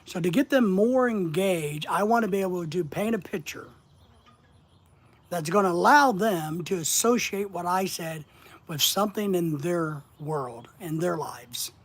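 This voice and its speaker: A man's voice: high voice, lively intonation, a little slow. A man hosting a casual live stream, talking to viewers and repeating words for emphasis.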